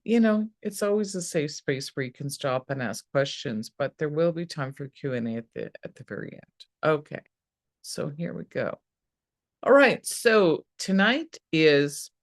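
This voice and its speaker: A woman's voice: very deep voice, dry recording, clean studio sound. A woman hosting a live online astrology workshop, speaking in an upbeat, encouraging and affirming way. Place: indoor room. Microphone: video call setup.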